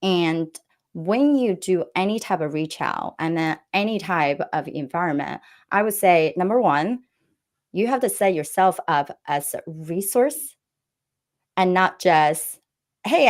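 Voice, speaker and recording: A woman's voice: on the low side, lively intonation, measured pace. A woman giving earnest business advice as an interview guest, often checking in with "right?". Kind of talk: interview answers.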